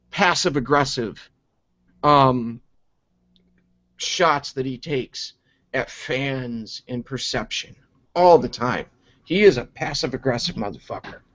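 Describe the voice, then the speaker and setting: A man reviewing wrestling in a profane, exasperated rant, sarcastic and quick to mock. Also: on the high side. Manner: sarcastic and exasperated, heavy swearing. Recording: dull lo-fi recording.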